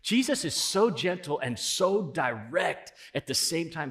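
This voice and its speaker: A man preaching a sermon as pastor, conversational, swelling loud on key points. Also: fairly high pitch, sing-song, a little slow.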